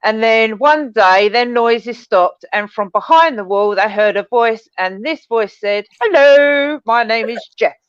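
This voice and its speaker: A woman's voice: medium pitch, unhurried, hardly any pauses, clear, resonant tone, dry recording, muffled recording. A woman co-hosting a podcast in casual chat, laughing often as she tells the story. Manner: giggly, laughs often while telling the story. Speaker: podcast co-host.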